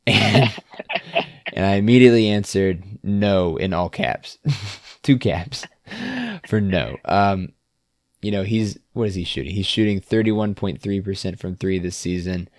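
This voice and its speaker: A man's voice: deep voice, dry recording, clean studio sound. A man co-hosting a sports podcast, talking casually and laughing easily. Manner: relaxed, laughs often, trailing off. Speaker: podcast co-host.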